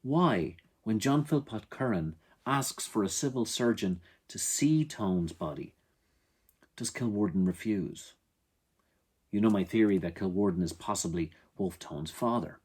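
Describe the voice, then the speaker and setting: An Irish man lays out a history as a lively, conspiratorial stage lecture, with wry asides. His voice sits low and slightly husky. He keeps leaning on questions and dramatic turns. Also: measured pace. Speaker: historical entertainer. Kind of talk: storytelling lecture performance.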